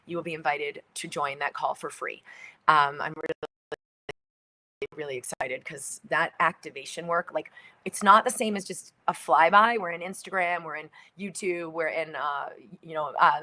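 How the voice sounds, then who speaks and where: Lower-pitched woman hosting a book livestream. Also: moderate pace. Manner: animated, acts out little quoted voices, drops to near whispers. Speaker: author and healer hosting a book launch livestream. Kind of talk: livestream talk with book reading.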